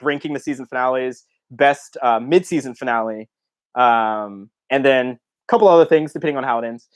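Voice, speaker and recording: Chatty young man, slightly high voice. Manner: chatty, reads viewer comments aloud and laughs often. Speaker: YouTube host. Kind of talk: casual livestream Q&A chat.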